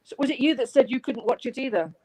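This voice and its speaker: A woman's voice: high voice, animated, quick pace, a little mellow, breathy edge. A woman chatting on a live video panel, teasing and chatty, laughing often. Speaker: panel guest. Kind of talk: casual live stream chat. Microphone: video call.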